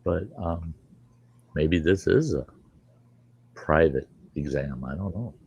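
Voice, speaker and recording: A man's voice: rumbling low, animated, takes it slowly, vocal fry, a little mellow, highs cut off, slight background noise. A middle-aged man hosting a show, telling rambling stories with plenty of cursing and laughter. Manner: rambling, profane, laughs mid-story. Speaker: podcast host. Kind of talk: casual storytelling chat.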